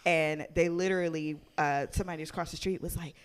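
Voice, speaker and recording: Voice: mid-range voice, steady tone, quick pace, clean tone. Guest just chatting away, mid voice, lots of um and like. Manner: chatty, loose, lots of fillers. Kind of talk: casual chat.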